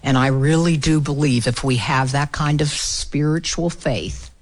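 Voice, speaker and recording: A woman's voice: low-pitched, a little slow. A woman speaker from the United States, telling an earnest story on a public affairs talk program and acting out the quoted dialogue. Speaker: guest speaker.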